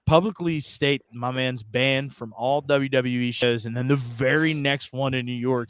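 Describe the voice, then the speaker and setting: A man's voice: medium pitch, fairly even intonation, unhurried, hardly any pauses, a bit bright, smooth, dry recording. A man co-hosting a casual podcast, rambling and sarcastic in his delivery. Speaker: podcast co-host. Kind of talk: casual chat.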